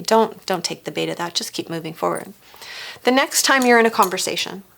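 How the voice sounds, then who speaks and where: A woman's voice: medium pitch, vocal fry, a bit bright. A woman presenting a family recovery course, coaching listeners with rhetorical questions and acted-out sample phrases. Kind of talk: teaching a workshop.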